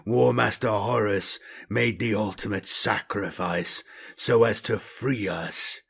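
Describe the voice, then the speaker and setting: A man voicing a corrupted space marine captain, speaking slowly in a measured, low and quiet tone. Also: steady tone, creaky, husky, heavily acted. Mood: measured, grave.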